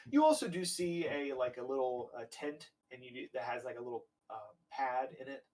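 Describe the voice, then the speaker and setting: A man's voice: mid-range voice, animated, fairly quick, a little mellow. Rambling male game master, off-mic. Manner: rambling, full of fillers and swearing. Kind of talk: narrating a tabletop game. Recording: voice a bit distant from the mic.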